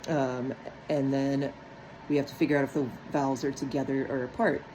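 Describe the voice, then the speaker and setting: A woman's voice: rumbling low, flat delivery, normal speed, noisy background. A woman walking step by step through a phonics lesson on breaking words into syllables, checking in often with "right?". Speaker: teacher.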